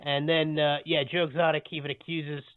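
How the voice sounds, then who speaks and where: A male podcast co-host chats from home in a rambling way, often stopping himself mid-thought and chuckling. His voice sits a little high. It comes through a thin, phone-like line that sounds dry. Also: little pitch movement, brisk, smooth, no room sound. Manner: rambling, self-interrupting, chuckling. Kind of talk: casual chat.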